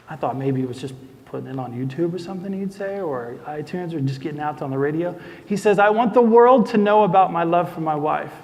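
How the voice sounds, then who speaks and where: Young male speaker, gravelly, animated storyteller, reverberant hall. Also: a little high. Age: young adult. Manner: animated, acts out quoted voices. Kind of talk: storytelling talk.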